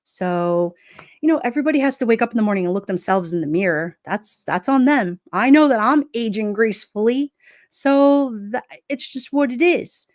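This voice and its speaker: A woman's voice: fairly high pitch, expressive, moderate pace, a little mellow, dry recording, studio quality. A middle-aged woman with a New York accent chatting casually to her livestream, blunt and streetwise, often breaking into laughs. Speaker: livestream host. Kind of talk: casual live-chat talk.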